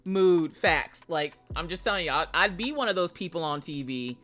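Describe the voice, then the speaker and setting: A woman streamer chatting live with her viewers, brash and profane, spinning jokey stories and bursting into loud mock rants. Her voice is bright and forceful, with a little music playing faintly behind her. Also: sits low, animated, fairly quick. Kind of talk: casual live-stream chat.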